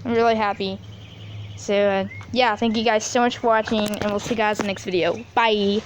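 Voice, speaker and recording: A woman's voice: medium pitch, fairly even intonation, fairly quick, background noise. A teenage girl in a casual unboxing video, gushing and chatty with lots of fillers. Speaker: vlogger.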